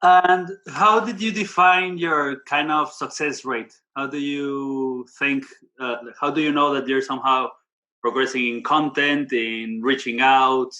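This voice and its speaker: Man asking from the audience, searching for words, bright voice. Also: mid-range voice, fairly even intonation, measured pace. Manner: searching, rephrases his question. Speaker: audience member.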